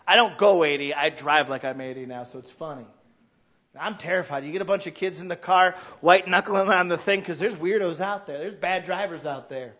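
A man in his thirties preaching a sermon, telling stories and acting out shouting parents. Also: a little high, a little fast, muffled recording. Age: 30s. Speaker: pastor.

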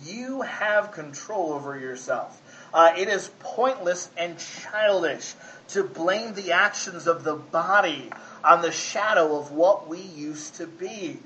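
A man's voice: sits high, animated, slow pace, sharp tone, highs cut off, slight background noise. A man preaching a conversational sermon, folksy and often asking his listeners if they follow. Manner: folksy, asks the congregation 'right?'. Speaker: pastor.

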